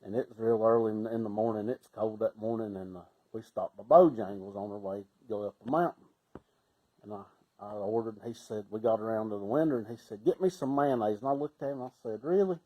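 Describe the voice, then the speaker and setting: A man's voice: on the low side, fairly quick, low-quality recording. Folksy Appalachian man telling stories. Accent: Southern Appalachian. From Southern Appalachian US. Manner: folksy, laughs often, bursts into shouting. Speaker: storyteller. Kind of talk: casual storytelling.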